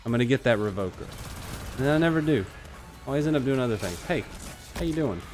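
Animated man streaming a shooter. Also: mid-range voice, quick pace. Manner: excitable, joking trash talk at opponents. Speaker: streamer playing an online shooter. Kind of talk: live gameplay commentary. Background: faint background music.

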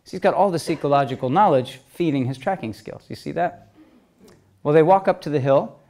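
A middle-aged man telling a story at a talk, lively, moving between loud and soft passages. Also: fairly high pitch, a little fast. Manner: lively storyteller, swings loud and soft, acts out quoted voices. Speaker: speaker telling stories at a talk.

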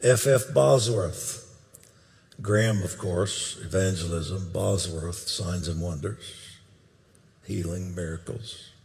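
A man's voice: deep voice, slow pace, gravelly, darkish tone. An older man preaching a sermon, recounting a dream with emphatic bursts and questions to the crowd. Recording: long hall reverb.

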